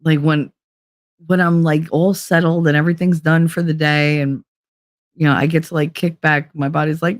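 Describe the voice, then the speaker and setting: Her voice is deep with fairly even intonation at a normal speed as this middle-aged woman hosts a casual live stream. She is candid and profane, laughing often and voicing the people she quotes. The recording is dry and clean, studio quality.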